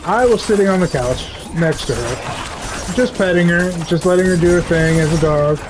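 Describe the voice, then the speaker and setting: A man chatting casually on a live game stream, rambling and telling stories with lively energy. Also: high voice, moderate pace, background noise. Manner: rambling, animated storytelling. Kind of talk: casual live-stream chat while gaming.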